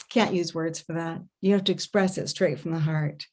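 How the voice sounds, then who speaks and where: A woman giving an online workshop talk as an intimacy coach, animated and expressive, often humming and murmuring to demonstrate sounds. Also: sits low, normal speed. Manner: animated storytelling, laughs often. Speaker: intimacy coach and festival presenter. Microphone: home setup, online stream.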